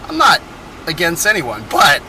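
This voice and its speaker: A man's voice: on the high side, wildly swooping pitch, unhurried, sharp tone, a little hiss or hum, rough recording. A man from Texas chatting in a casual, rambling travel vlog, drifting between topics and correcting himself as he goes, recorded on the road in a car. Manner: chatty, digressive, self-correcting. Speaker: vlogger.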